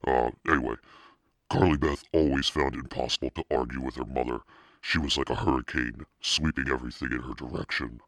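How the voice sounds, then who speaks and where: A man's voice: rumbling low, steady tone, brisk, fairly bright tone, no room sound, studio quality. A man casually reading a children's book aloud, now and then breaking off to comment on the text. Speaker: reader.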